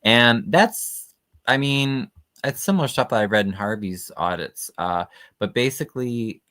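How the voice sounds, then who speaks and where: A man's voice: mid-range voice, expressive, unhurried, fairly bright tone. A man hosting a casual livestream, commenting skeptically and chattily on documents he reads aloud, with frequent fillers. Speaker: livestream host.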